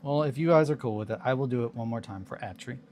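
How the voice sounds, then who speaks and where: A man's voice: medium pitch, quick pace, darkish tone, a little hiss or hum. A man streaming a casual hobby chat, rambling and chatty, swearing casually.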